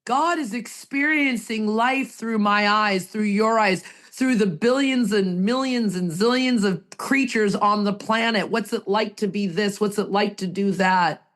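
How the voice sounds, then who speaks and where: A woman's voice: medium pitch, measured pace, few pauses, a bit bright. Emphatic woman co-hosting a recovery podcast. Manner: emphatic, repeats phrases, tearful at times. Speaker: podcast co-host. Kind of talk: heartfelt recovery podcast talk.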